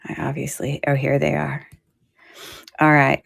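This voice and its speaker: A chatty woman in a casual live-stream sale, talking to her viewers as she shows off jewelry. Her voice sits a little low for a woman, and she laughs easily, with lots of ums and little asides. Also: completely flat delivery, unhurried, vocal fry. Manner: chatty and giggly, with frequent fillers. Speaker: online shop host selling jewelry on a live stream.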